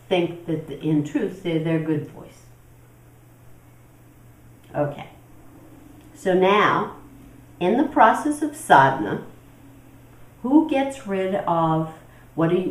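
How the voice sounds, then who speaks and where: A woman's voice: fairly low pitch, far from the mic. A woman spiritual teacher leading an interactive teaching talk, questioning her audience and acting out inner voices. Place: teaching room with a group. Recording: echoey room, recorded from afar.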